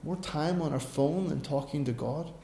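A man preaching a sermon in a conversational way, swinging between quiet asides and loud, emphatic stresses. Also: a little high, normal speed, gravelly, slight background noise. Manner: conversational, tells personal anecdotes. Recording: roomy echo.

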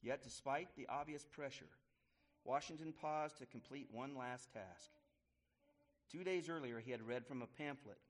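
A man reading a history story aloud to listeners, pausing to explain and correcting himself as he goes. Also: mid-range voice. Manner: pauses to explain and restart phrases.

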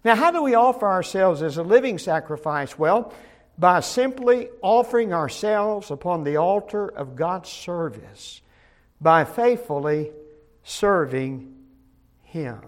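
A man preaching a Bible study sermon as pastor, emphatic, swinging between loud declarations and soft asides, often repeating words as he starts a phrase. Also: high voice, animated, measured pace.

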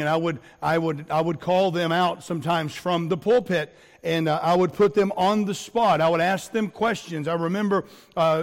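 High-voiced pastor preaching in a reverberant church. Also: male voice. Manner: earnest preaching with repetitions and fillers. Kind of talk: sermon. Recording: long hall reverb.

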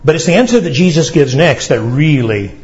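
A male pastor delivering a sermon, preaching emphatically with dramatic pauses. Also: a little high, big pitch swings, a little mellow, muffled recording.

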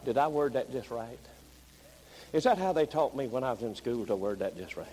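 A man preaching a revival sermon, moving from low, plain talk up to high, shouted pleading. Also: a little fast, background noise.

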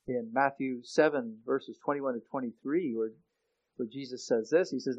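A man preaching a sermon in an earnest way, often restarting his sentences and growing loud when he quotes scripture. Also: medium pitch, normal speed, lo-fi sound. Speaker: pastor.

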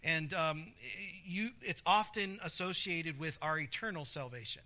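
A man's voice: a little high, measured pace, bright, forceful tone. A man preaching a conversational sermon, reading scripture aloud with emphasis and stumbling over restarts. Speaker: pastor.

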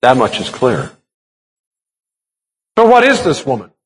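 A man's voice: medium pitch, huge pitch swings, a little slow. A man preaching a sermon as a pastor, explaining a text step by step and asking rhetorical questions. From United States.

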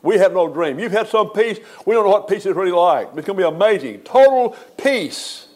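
A man's voice: high-pitched, expressive, fast talker. An older man, a pastor preaching a folksy funeral sermon that swells to emphatic peaks.

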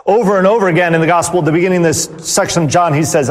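Preacher man in a reverberant hall. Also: sits high. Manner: preaches with pauses, trailing off softly at phrase ends. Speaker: pastor. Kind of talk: sermon. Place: church.

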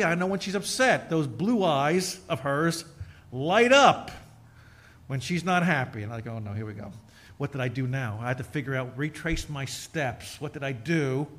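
A man's voice: fairly high pitch, fairly bright tone. A middle-aged man preaching a sermon with folksy humor and joking asides, building to fervent preaching. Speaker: pastor.

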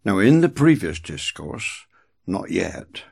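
Male preacher, slow and husky, emphatic delivery with lively pitch. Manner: slow, emphatic preaching with dramatic drops in volume. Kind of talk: sermon.

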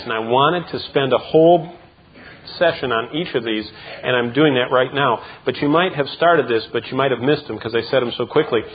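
A man preaching a sermon as pastor, emphatic, with repeated words and quick asides. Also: mid-range voice, slightly rough. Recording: dull lo-fi sound.

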